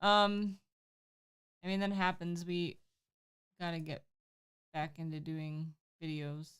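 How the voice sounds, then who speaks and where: A woman co-hosting a casual livestream, relaxed and teasing, reading chat aloud. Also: on the low side, slow, clear, resonant tone. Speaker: livestream co-host.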